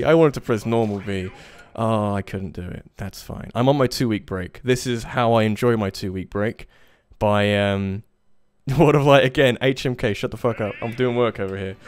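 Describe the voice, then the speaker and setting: A man's voice: lowish voice, moderate pace. Swearing man streaming a game. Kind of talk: casual gaming commentary. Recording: faint game music behind.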